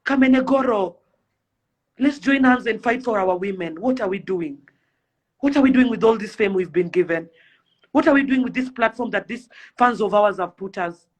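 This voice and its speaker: A woman's voice: medium pitch, moderate pace, a little mellow, breathy edge, dull audio. A young Kenyan woman delivering an impassioned rant to camera, pleading and fiery, firing off rhetorical questions. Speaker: celebrity influencer.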